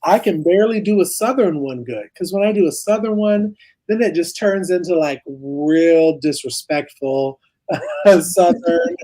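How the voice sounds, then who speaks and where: A woman's voice: fairly low pitch, lively intonation, unhurried, dark tone, low-quality recording. A young woman co-hosting a casual live chat, a chatty and self-mocking storyteller. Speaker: co-host of a ranch livestream.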